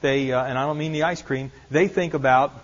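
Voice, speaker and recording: A pastor with a mid-range voice preaches an earnest sermon briskly, his intonation fairly even. He repeats rhetorical questions and adds light self-deprecating humor, captured in a dull lo-fi recording.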